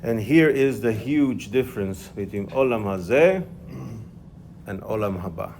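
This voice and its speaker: A man's voice: on the low side, animated, measured pace, darkish tone, slight background noise. A man teaching an informal religious class, explaining step by step and checking in with his student.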